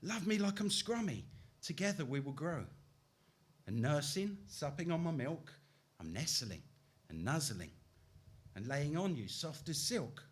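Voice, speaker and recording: A man's voice: sing-song, measured pace, pauses often. A man putting on the voice of a toddler talking to its mummy in a sing-song poetry recital. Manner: high sing-song childlike lilt.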